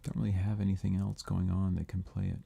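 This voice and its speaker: A man producing music on a live stream, chatting in a relaxed, rambling way with viewers between playing. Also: sits low, fast talker, vocal fry, breathy edge. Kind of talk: casual live-stream chat.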